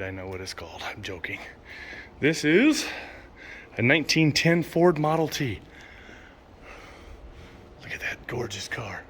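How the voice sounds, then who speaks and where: A man's voice: on the high side, fairly bright tone, a little hiss or hum. Enthusiastic man touring a car museum. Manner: enthusiastic, reads exhibit signs aloud, stumbles on names. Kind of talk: casual walk-through commentary. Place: indoor car museum hall.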